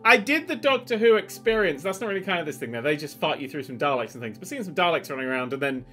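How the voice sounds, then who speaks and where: A man hosting a casual games news chat, sardonic and sweary with deadpan asides. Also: on the high side, fast, soft background music. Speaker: host.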